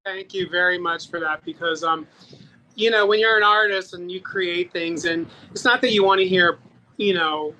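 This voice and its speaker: Bright, animated man telling stories. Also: high-pitched, poor audio. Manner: animated storyteller, acts out quotes with laughs. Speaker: guest, makeover artist and singer. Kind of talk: casual interview chat.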